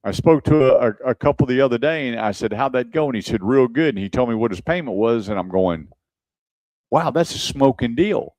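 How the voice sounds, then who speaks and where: A man hosts a radio show from a studio and keeps the talk casual while he recounts customer stories. He acts out both sides of each exchange, and his voice sits at an ordinary male pitch. The sound is close and dry. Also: expressive, brisk, darkish tone, no room sound, poor audio. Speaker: radio show host and car advisor.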